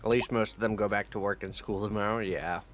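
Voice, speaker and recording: A male livestreamer chatting casually with his viewers in a relaxed, rambling way, with many fillers. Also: lowish voice, fairly quick, soft background music.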